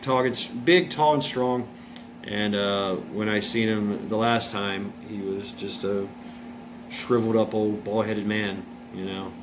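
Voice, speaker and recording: A man telling a personal story in a casual, rambling way, repeating himself, restarting, filling pauses with uh and swearing bluntly. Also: fairly low pitch. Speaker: vlogger. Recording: noisy room with air conditioner hum. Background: air conditioning hum.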